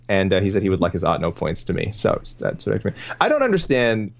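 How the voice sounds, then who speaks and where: A man's voice: fairly low pitch, wildly swooping pitch, fast, gravelly, dull audio. A man co-hosting a casual podcast, rambling, correcting himself mid-sentence and laughing easily. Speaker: podcast co-host. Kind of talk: casual podcast chat about fight matchmaking.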